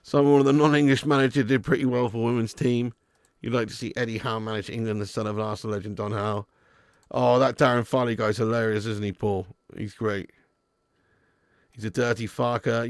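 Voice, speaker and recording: A man hosting a live football watch-along, chatting and commentating in an excitable, sweary way. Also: medium pitch, brisk, gravelly, no echo, studio quality. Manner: excitable, sweary and laughing, bursts out at match moments.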